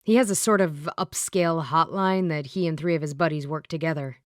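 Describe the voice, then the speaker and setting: A woman's voice: deep voice, brisk, no room sound, studio quality, close to an everyday voice. A woman voicing a polite, earnest young man in an audiobook.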